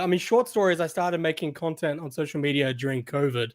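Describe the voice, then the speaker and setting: A man's voice: fairly high pitch, a little fast, no echo, studio quality. A man with an Australian accent, a guest on a podcast, talking casually and hesitantly with many fillers. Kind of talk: casual interview chat.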